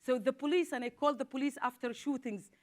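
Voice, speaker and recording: A woman's voice: high-pitched, quick pace. A woman in her forties from southern Israel, a social worker speaking on a panel in an earnest, urgent way, often repeating words as she builds her point. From southern Israel (Negev). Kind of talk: impassioned panel talk.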